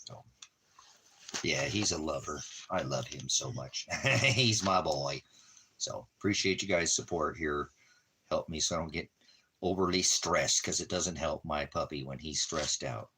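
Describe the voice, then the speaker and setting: Deep husky guy baby-talking his dog, kinda bright tone, same lines over and over. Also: animated, measured pace, a little hiss or hum. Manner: soft, doting baby talk with repeated phrases. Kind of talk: casual talk to a pet.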